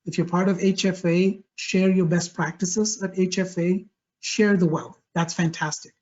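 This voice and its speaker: A man giving a live webinar presentation over a video call, energetic and emphatic, often repeating his key phrases. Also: high voice, moderate pace, muffled recording.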